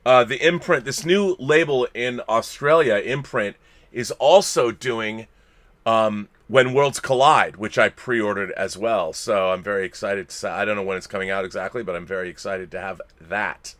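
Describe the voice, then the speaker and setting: A man's voice: fairly low pitch, moderate pace, fairly bright tone. A middle-aged man co-hosting a casual live stream, chatting and reading viewer tips aloud with his own asides.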